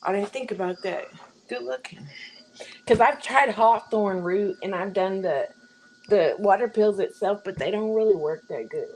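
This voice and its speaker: A woman's voice: medium pitch, normal speed, a little mellow, a little hiss or hum, rough recording. A woman in a casual group chat, plain-spoken and chatty, airing complaints. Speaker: participant.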